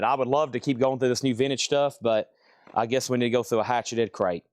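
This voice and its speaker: A man hosting a live vinyl auction stream, with a middle-pitched, everyday voice. He talks in loose, chatty patter, reeling off album titles and prices one after another. The sound is dry and close, with no room echo. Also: steady tone, fast talker.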